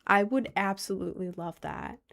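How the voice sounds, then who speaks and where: A young woman from Maryland chatting casually on a live stream, gushing excitedly and reading the chat aloud. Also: mid-range voice, normal speed, creaky. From Maryland, United States.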